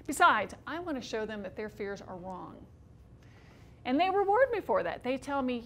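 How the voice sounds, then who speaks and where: A woman in her fifties performing an autobiographical one-woman stage show, telling her story in a wry, expressive way with dry humor. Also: on the high side, moderate pace, a little hiss or hum.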